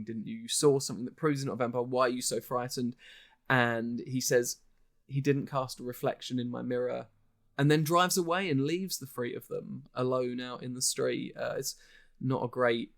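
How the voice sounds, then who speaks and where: A man co-hosts a podcast with a medium-pitched voice and vocal fry. He chats casually about a horror film, rambling along with lots of fillers and restarts.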